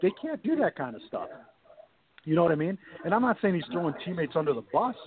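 Guy calling in, tinny phone sound, lively storyteller doing the voices of people he quotes, kinda high voice. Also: quick pace. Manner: animated, acts out quoted dialogue. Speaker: guest, sports documentary producer. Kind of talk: casual storytelling interview. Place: phone call-in to a talk show.

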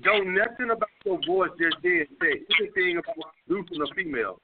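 A blunt, profane man with a New York accent hosts a call-in dating advice show. He speaks in a fairly high voice and keeps repeating his points. The sound is thin and tinny, like a phone line. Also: animated, fairly quick, noisy background. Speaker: dating coach host.

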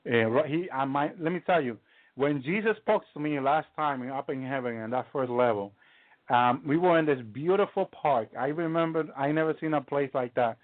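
A man preaching a live testimony, halting and restarting often and peppering his talk with hallelujah. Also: fairly high pitch, no room sound. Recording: tinny phone-line sound, dry.

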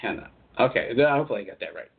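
A man's voice: medium pitch, expressive, very fast, vocal fry, breathy edge. A man hosting a call-in radio show, talking in a rambling, chatty way and laughing easily. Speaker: radio show host and channeler. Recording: tinny phone-line sound.

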